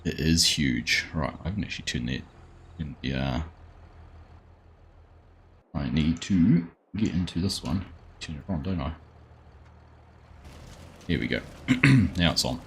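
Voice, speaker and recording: A man's voice: very deep voice, animated, measured pace, pauses often, a little hiss or hum. A man with an Australian accent, chatting casually with viewers as a live game streamer and greeting them by name. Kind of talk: casual live-stream chat while playing.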